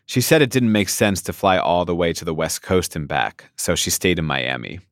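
A man's voice: low-pitched, moderate pace, no echo, clean studio sound. A man hosting a show, narrating between interview clips. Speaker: podcast host. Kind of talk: scripted narration.

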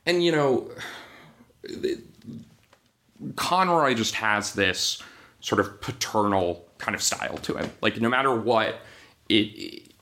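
A man's voice: lowish voice, a bit bright. A man who writes for TV animation, telling behind-the-scenes stories in a casual podcast interview, acting out quotes and laughing often.

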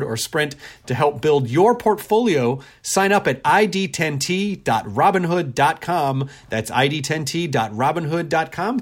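Chatty male podcast host. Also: a little high. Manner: chatty, laughs easily, many fillers. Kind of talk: casual podcast intro and ad read.

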